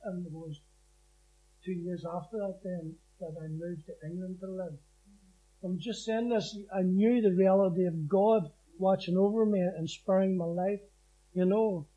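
A man's voice: high-pitched, fairly even intonation, measured pace, mellow, low-quality recording. A man giving his personal testimony as a preacher, telling the story with emphasis and acting out the scripture he quotes.

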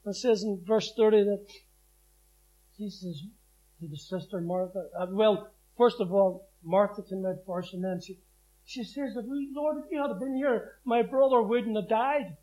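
Male preacher, high voice, emphatic testimony storyteller who acts out the scripture he quotes. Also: normal speed, warm tone, rough recording. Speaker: preacher giving his testimony. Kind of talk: personal testimony sermon.

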